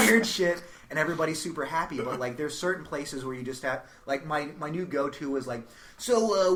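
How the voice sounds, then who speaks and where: Young male stand-up, bright tenor-ish voice, animated and profane. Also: a little high. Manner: animated, acts out voices, swears freely. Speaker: stand-up comedian, podcast guest. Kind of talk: casual chat, comic storytelling.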